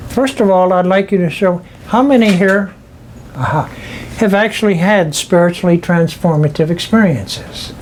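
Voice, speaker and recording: An older man, a spiritual speaker, telling a personal story to an audience in a slow, heartfelt, deliberate way. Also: high-pitched, slight background noise.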